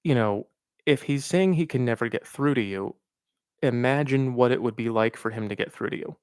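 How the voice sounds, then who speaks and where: A man hosting a live question-and-answer stream, reading out viewer questions and giving frank, reflective advice with pauses and fillers. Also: medium pitch, darkish tone, smooth, no echo, studio quality. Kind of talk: casual livestream Q&A.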